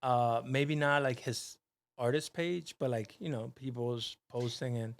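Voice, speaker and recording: A man's voice: medium pitch, unhurried. A man co-hosting a comedy podcast in casual chat, playful and slangy, laughing often into a desktop mic. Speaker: podcast co-host.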